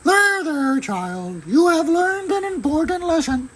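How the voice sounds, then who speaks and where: A man voicing a kindly, soothing old grandmother in a high old-lady voice for a storybook reading. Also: expressive, a little slow, a bit bright, heavily acted.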